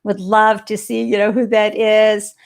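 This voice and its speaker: A woman's voice: medium pitch, level tone, unhurried, creaky, clear, resonant tone. A woman with a Boston accent hosting a live stream interview, bubbly and enthusiastic as she greets viewers. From Boston area, US. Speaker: live stream show host.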